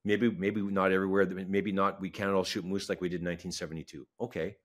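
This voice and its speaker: A man's voice: low-pitched, level tone, fast. A man from Manitoba, a wildlife federation science advisor, speaking earnestly and with feeling in an interview, repeating himself for emphasis. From Manitoba, Canada. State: emotional. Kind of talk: passionate interview talk.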